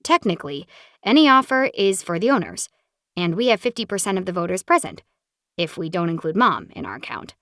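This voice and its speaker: A woman's voice: fairly low pitch, sing-song, fairly quick, a bit bright, dry recording, studio quality. A woman voicing a curious young woman, eager and chatty as she talks with her sister.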